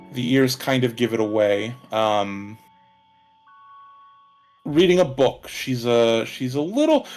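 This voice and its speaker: Man narrating as game master. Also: mid-range voice. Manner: relaxed, many fillers.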